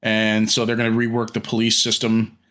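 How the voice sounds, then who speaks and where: A man's voice: fairly low pitch, completely flat delivery, brisk, a bit bright. Rambling podcast guy, full of ums. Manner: rambling with many fillers and restarts; casual swearing. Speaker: podcast co-host. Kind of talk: casual chat.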